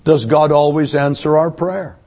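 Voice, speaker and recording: Emphatic preaching man, slightly high voice. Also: steady tone, measured pace, darkish tone. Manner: emphatic, asks strings of rhetorical questions. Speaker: pastor. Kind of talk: sermon. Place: church service.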